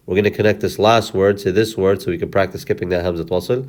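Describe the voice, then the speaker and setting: A man with a low-pitched, somewhat mellow voice walks through reading lessons one step at a time. Words get broken into syllables and repeated slowly, with apologetic self-corrections along the way.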